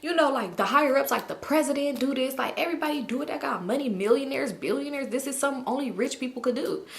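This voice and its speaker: A woman's voice: high-pitched, quick pace, vocal fry. A woman doing a boastful slangy young man. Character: boastful young man, slow, touchy about his drug.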